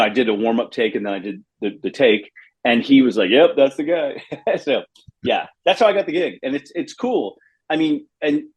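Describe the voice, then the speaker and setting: Middle-aged man from Los Angeles, husky voice, rambling anecdotes with lively acted quotes, casual interview guest. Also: mid-range voice. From Los Angeles, USA. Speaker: bass player, guest.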